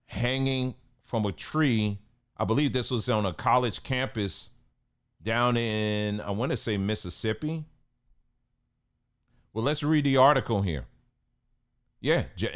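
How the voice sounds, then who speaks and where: A man's voice: medium pitch, smooth. A man hosting a commentary monologue, talking casually and emphatically, with loose colloquial grammar and rhetorical questions to his viewers. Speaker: commentary channel host.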